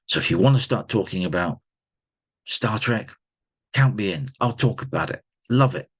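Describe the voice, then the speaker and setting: A man's voice: on the low side, animated, normal speed, slightly rough. A man hosting a podcast, talking bluntly and emphatically in a personal monologue. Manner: blunt, emphatic, repeats himself. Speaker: podcast host.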